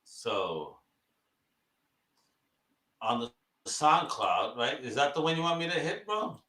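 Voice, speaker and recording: A man co-hosting a live show, chatting excitably in slang while selling comic books. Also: medium pitch, slow pace, reverberant. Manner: excitable, slangy, says "bro" and "yo". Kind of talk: casual live show chat.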